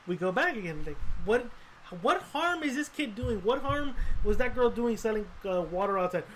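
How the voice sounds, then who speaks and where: A man co-hosting a casual podcast, telling animated, profane stories. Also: very high voice, slight background noise. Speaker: podcast co-host. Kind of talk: casual chat.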